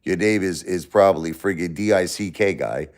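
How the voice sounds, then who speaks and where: A man hosting a live stream, angrily lecturing and insulting a chat commenter with lots of profanity, swinging between loud outbursts and low muttering. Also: moderate pace. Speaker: livestream host reading chat. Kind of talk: livestream rant at a chat commenter.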